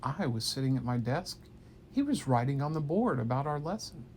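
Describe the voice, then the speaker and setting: A man telling an improvised bedtime story to a child in an animated, playful way, sometimes dropping to hushed tones. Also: medium pitch, normal speed, a little hiss or hum.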